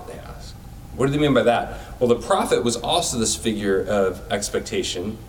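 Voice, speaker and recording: A man's voice: lowish voice, expressive, normal speed, far from the mic, slight background noise, low-quality recording. A man giving a sermon in a casual, conversational way, using everyday comparisons. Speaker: preacher.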